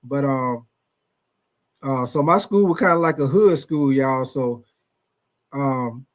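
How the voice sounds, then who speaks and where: A man's voice: mid-range voice, slow pace. A man hosting a sports livestream, telling loose, profane stories and calling out viewers by name. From Atlanta, USA. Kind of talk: casual live-stream chat.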